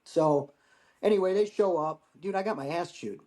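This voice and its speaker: A man's voice: high voice, moderate pace, dark tone. An American man in his forties, a military veteran guest telling a story casually and bluntly, with plenty of swearing and acted-out dialogue. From United States. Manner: blunt, profane, acts out quoted exchanges.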